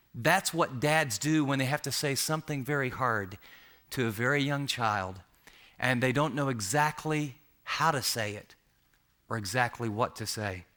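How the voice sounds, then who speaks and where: A male preacher with a bright, forceful voice, pitched a little high. He tells a sermon story vividly, setting the scene for his listeners. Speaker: pastor.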